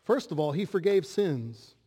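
Pastor preaching in a reverberant hall. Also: male voice, high-pitched, animated, a little slow, warm tone, slightly rough. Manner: earnest preaching with rhetorical questions to the audience. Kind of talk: sermon.

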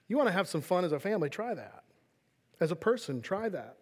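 Male pastor, earnest sermon delivery, high voice, reverberant sanctuary. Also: sing-song, slightly rough. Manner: earnest preaching, reads scripture slowly, drops to quiet emphasis.

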